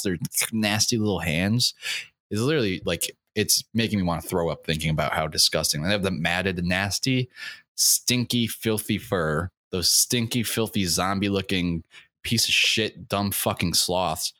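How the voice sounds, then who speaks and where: A young man with a very low voice rants crudely through a comedic monologue, swearing freely and working himself up. He rambles with plenty of fillers. The sound is dry and close, with no room around it. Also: fairly bright tone, dry recording. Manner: crude, profane, gets worked up. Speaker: podcast host. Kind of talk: comedic rant.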